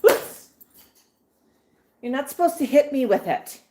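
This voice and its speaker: High-pitched woman cooing at her parrots. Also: lively intonation, a little slow, warm tone. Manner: sing-song baby talk to her birds, reading out viewer chat. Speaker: livestream host with pet parrots. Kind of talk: casual livestream chat. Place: home room with parrots. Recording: roomy room with background noise and bird sounds.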